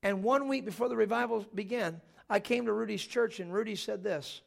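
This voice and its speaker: A man preaching a sermon in a church, telling stories with jokes in an animated way. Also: sits high, a little fast, vocal fry, few pauses.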